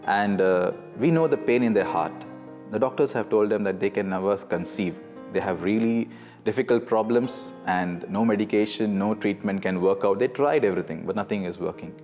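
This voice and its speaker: A man tells his personal faith testimony in a fairly low voice, earnest and often restarting his sentences. His voice rings with a long reverb, as if in a large hall, and faint guitar plays underneath. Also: a little mellow. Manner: earnest storytelling with halting restarts. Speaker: testimony speaker.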